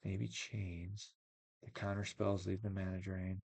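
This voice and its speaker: A man's voice: low-pitched, level tone, measured pace, gravelly, darkish tone, husky, dry recording. A man casually commentating a card game match, thinking aloud and weighing options. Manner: musing, thinks aloud with many maybes. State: yawning, tired.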